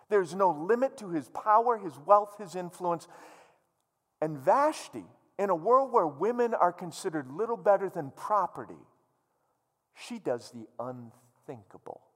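A man's voice: sits high, long reverb tail. A male pastor preaching a sermon, joking with the congregation and telling the story theatrically. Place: church hall, live-streamed.

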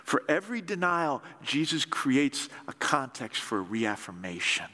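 A man preaching a sermon in a lively, conversational storytelling way. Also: mid-range voice, a little slow, big-room sound. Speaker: pastor.

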